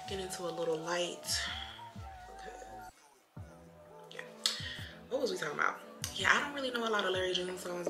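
A young woman with a slightly low voice, a little tipsy, chatting to her viewers in a playful, loose way. She talks in a roomy, echoing room while music plays behind her. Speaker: beauty vlogger. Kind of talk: casual get-ready-with-me chat. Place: home room while doing makeup.

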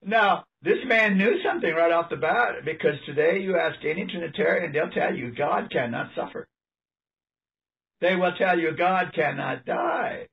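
A man preaching an animated, emphatic sermon, reading passages aloud and laughing often. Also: high voice, measured pace, creaky. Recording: distant mic, dull lo-fi sound.

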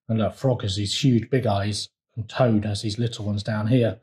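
A man reading his own picture book aloud for a children's storytime, gently pointing out details in the pictures. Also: on the low side, steady tone, moderate pace, hardly any pauses.

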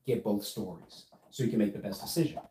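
A man's voice: fairly low pitch, quick pace, warm tone, a little hiss or hum. Emphatic man coaching on business. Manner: emphatic, keeps asking "right?". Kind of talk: casual teaching livestream. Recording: echoey room.

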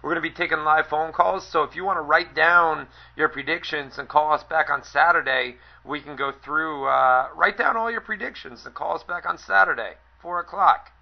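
A man's voice: fairly high pitch, moderate pace, creaky, hardly any pauses, highs cut off. A man hosting a call-in radio show, talking casually and energetically to callers. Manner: energetic, loud when plugging the line.

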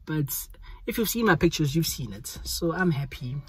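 A man's voice: on the high side, expressive, normal speed, husky. A young man with a South African accent, chatting casually to his phone's selfie camera in a rambling vlog. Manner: chatty, rambling, repeats pleas. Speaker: YouTuber. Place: hot indoor room.

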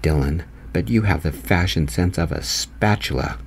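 A man's voice: low voice, moderate pace, a little hiss or hum. A man voicing a flamboyant, teasing young man with a playful, theatrical manner.

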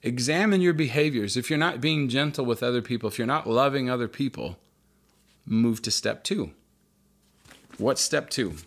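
A pastor in his thirties preaches a sermon that is earnest and conversational, with touches of light humor. His medium-pitched voice moves at a moderate pace, and he repeats key phrases for emphasis.

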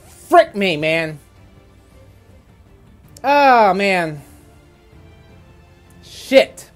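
A man giving casual gameplay commentary, excitable and quick to swear, stammering and restarting when worked up. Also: sits high, soft background music. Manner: excitable, swings from gleeful to furious ranting. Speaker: gaming YouTuber.

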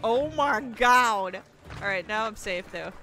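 A woman streaming a video game, commenting on her play in an excitable way, swearing freely and laughing often. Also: medium pitch, slow, soft background music. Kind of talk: live gameplay commentary.

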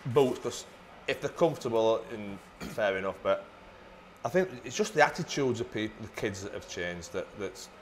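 A man's voice: fairly low pitch, lively intonation, moderate pace, a little hiss or hum. A middle-aged man, a footballer guest telling blunt, sweary stories in a casual chat. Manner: blunt, sweary, laughs through his stories.

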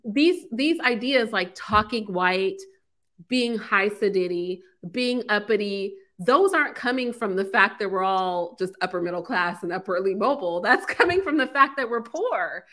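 A woman from San Francisco hosting a call-in show, talking in an animated, frank and emphatic way. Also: mid-range voice, normal speed. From San Francisco, USA. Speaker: host. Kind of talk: casual call-in show chat.

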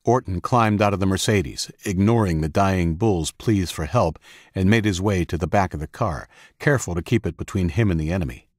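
A man narrating an audiobook in a steady, measured reading of action scenes, recorded close to the mic. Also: deep voice, no echo. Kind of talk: scripted narration.

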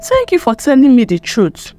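A woman's voice: high-pitched, wildly swooping pitch, normal speed, warm tone, faint music behind. A woman voicing a betrayed young wife, emotional as she pleads and accuses. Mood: distraught.

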